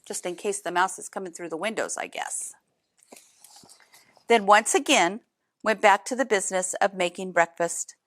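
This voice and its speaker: A woman reading a picture book aloud in an expressive way, adding chatty asides to young listeners. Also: mid-range voice, moderate pace, long pauses, no room sound. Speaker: storybook reader.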